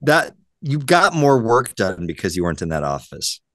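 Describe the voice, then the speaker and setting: A male podcast host tells stories with a lively, swooping voice and laughs easily. The studio sound is dry and close. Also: on the low side, moderate pace, no echo. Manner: animated storyteller, laughs often. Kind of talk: casual chat, reading news items.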